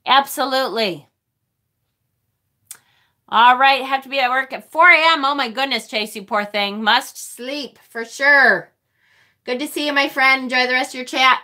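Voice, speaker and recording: A woman hosting a casual tarot live stream, gushing and excitable as she reads viewer chat aloud. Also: high-pitched, normal speed, pauses often.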